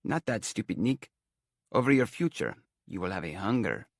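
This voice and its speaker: A man's voice: mid-range voice, big pitch swings, no echo, studio quality. A man playing a grand carnival fortune-teller woman. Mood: portentous. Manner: grand, mock old-world accent, dramatic pauses. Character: theatrical middle-aged female carnival fortune-teller.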